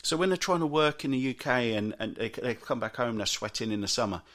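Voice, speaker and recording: A British man with a mid-range, fairly bright voice talks a little fast as he hosts a solo podcast. He chats and rants about everyday moans, mocking the moaners by putting on silly voices. He speaks with a British English accent.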